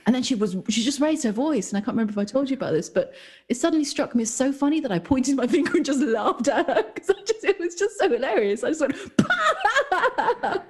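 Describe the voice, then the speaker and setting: A woman co-hosting a podcast, telling animated stories in casual chat and laughing often. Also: high-pitched, quick pace, husky. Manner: animated storytelling, laughs often, acts out quoted voices. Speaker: podcast co-host.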